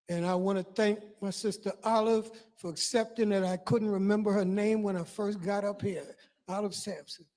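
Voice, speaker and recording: An older man giving an impassioned public address, building lists with emphasis and swinging between loud declarations and quiet appeals. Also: sits high. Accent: non-Guyanese. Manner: preacherly, emphatic lists, rising and falling volume. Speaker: community speaker.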